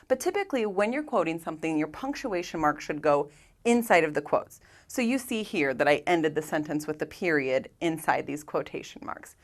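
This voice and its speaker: A woman's voice: fairly low pitch, fairly bright tone. A woman teaching an English grammar lesson, patiently walking through examples step by step and asking rhetorical questions.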